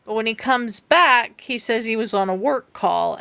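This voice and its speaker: A woman co-hosting a podcast, chatting through a TV episode recap on a video call and filling pauses with ums. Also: fairly high pitch, gravelly, bright, forceful tone, clean tone, dry recording. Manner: chatty, retells scenes with filler ums. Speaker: podcast co-host. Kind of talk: casual recap chat.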